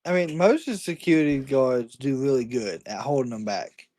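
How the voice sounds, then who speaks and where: A man co-hosting a wrestling podcast in casual chat, relaxed and often giving brief agreeing replies. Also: mid-range voice, normal speed, no room sound.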